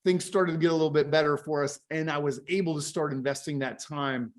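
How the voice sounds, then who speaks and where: Energetic, high-voiced man telling his story. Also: brisk. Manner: energetic, tags sentences with "right?". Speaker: guest, company founder. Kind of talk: casual interview chat.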